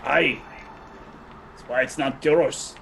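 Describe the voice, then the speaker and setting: Gravelly man arguing in character. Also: medium pitch, steady tone, slow pace, crowd noise. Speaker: player. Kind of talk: in-character tabletop play.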